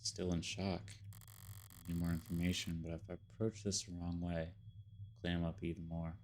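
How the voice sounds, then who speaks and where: A man voicing a calm, measured defense lawyer in a video game, reading in a level, earnest way. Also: sits low, slight background noise.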